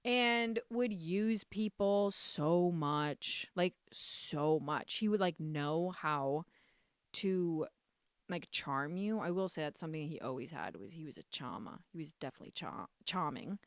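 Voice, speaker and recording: Young woman, podcast host, casual rant, sarcastic, animated, dry recording. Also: sits low, a little slow, no room sound. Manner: animated, sarcastic, swings from muttering to loud outbursts.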